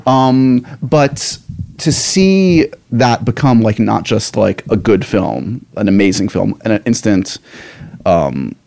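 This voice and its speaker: A man's voice: lowish voice, animated, takes it slowly, creaky, a little mellow. A man hosting a casual interview, asking questions with enthusiasm and joking along. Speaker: interview host.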